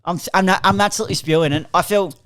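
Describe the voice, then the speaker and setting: A man's voice: high-pitched, very fast, fairly bright tone, no room sound, clean studio sound. A young Australian man co-hosting a sports podcast, joking and mock-outraged, swearing freely. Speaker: podcast co-host. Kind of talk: casual banter.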